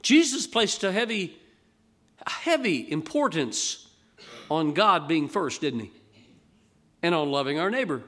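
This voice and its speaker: A man preaching a sermon in a folksy, emphatic way, often asking his listeners questions and reading scripture slowly. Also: on the high side, very animated, a bit bright. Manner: reads scripture slowly in King James wording.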